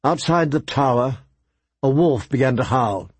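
Male audiobook narrator, medium pitch, measured storytelling, dry close sound. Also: animated, slightly rough, no echo. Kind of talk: audiobook reading.

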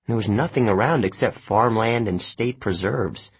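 A man reading an audiobook in a measured, plain storytelling way. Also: on the low side, slightly rough. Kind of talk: audiobook narration.

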